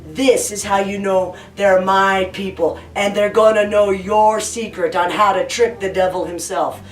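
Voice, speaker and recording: A woman voicing Jack, a cunning trickster man, in a low, sly drawl, heard from a distance in a roomy space with faint music. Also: fairly even intonation, measured pace, close to an everyday voice.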